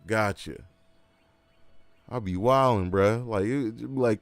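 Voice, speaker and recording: In a casual livestream chat while gaming, a man rants with animated emphasis, using lots of slang and repeated asides. His voice is lowish and measured, with frequent pauses and no room sound.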